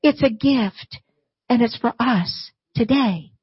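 Slow, breathy woman preaching a sermon. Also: fairly high pitch, no room sound, dull audio. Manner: earnest, retelling scripture with emphasis and repetition. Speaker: church speaker, not the pastor. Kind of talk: sermon with scripture reading.

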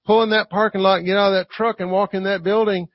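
Speaking quickly with a flat delivery, this preacher's high, husky, gravelly voice keeps the sermon casual, repeatedly asking the congregation "right?" The sound is dull, echo-free, and lo-fi, like an old church tape.

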